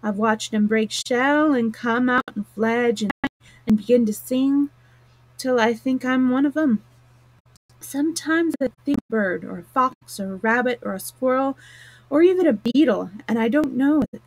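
A woman's voice: a little high, normal speed, dry recording, poor audio. A woman voicing a good-humored country boy with broad dialect words like thee and thou, read aloud as a storybook. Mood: friendly. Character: cheerful country boy who talks to animals.

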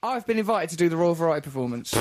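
A man hosting a radio show, in excitable, giggly comic banter. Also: fairly high pitch, rapid-fire. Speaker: radio host. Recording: studio radio broadcast.

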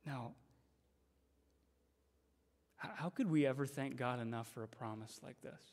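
A man's voice: medium pitch, a little fast, darkish tone. A man preaching a sermon as a guest speaker, emphatic and repeating phrases for stress. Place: church sanctuary. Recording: long church reverb.

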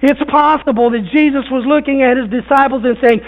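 A man with a notably high voice delivers a folksy, conversational church sermon, repeating himself and using fillers. The sound is thin and narrow, like a phone line. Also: steady tone, a little fast. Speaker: pastor. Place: church sanctuary.

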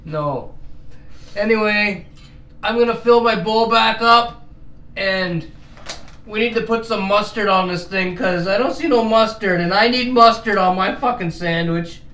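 A man's voice: high-pitched, measured pace, sharp tone. A man hosting a casual home vlog, swearing freely and drawling his words. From Canada. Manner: crude, swears a lot, drawls. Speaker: vlog host. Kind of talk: casual chat. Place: home, at a table. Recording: echoey room, faint noise.

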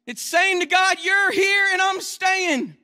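A man preaches from a church pulpit in a very high, ringing voice. His delivery is fervent and rises into shouts. He also slips into quick, quiet joking asides. The tone stays bright and cutting throughout. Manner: impassioned preaching that swells into shouts. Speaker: guest preacher. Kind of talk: sermon.

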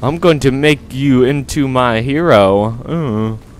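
A man commentating on his gameplay in a goofy, jokey way, with loud exclamations. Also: medium pitch, slow, a little hiss or hum. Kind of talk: let's play commentary.

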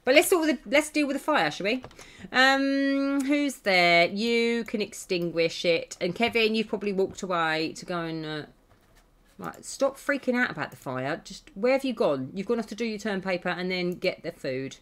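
A woman, chatting excitably through a game stream, laughing often and scolding the characters. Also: mid-range voice, normal speed. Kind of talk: casual gameplay commentary. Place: home.

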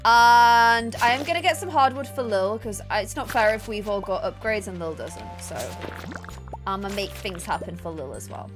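A woman's voice: mid-range voice, normal speed, music in the background. A young woman hosting a casual gaming live stream, bubbly and giggly, chatting to her viewers and co-op friends. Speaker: streamer and host.

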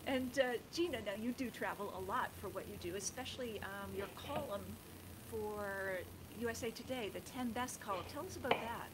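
Upbeat higher-voiced woman host. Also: normal speed, low-quality recording. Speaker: podcast host. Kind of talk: interviewing.

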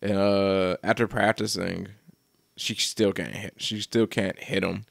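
A man's voice: low-pitched, little pitch movement, measured pace, gravelly, dry recording, studio quality. A man co-hosting a casual podcast chat, retelling a story in a laid-back, plain-spoken way with casual swearing. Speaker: podcast co-host. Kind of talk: casual chat recapping a manga.

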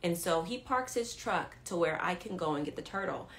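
A woman leads a live-stream devotional and tells her story straight to the viewers. She is animated and repeats key lines for emphasis. She often checks whether her audience is following along. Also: lowish voice, normal speed. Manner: talks straight to viewers, asks if they follow. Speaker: women's ministry leader.

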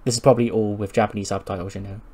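A man narrating a wrestling management game in a loose, chatty way. He swears freely and slips into the characters' voices as he goes. His pitch sits in the middle. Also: little pitch movement, very fast, mellow, breathy edge. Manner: casual, swears, acts out characters. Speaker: game commentator. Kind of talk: narrating a wrestling sim playthrough.

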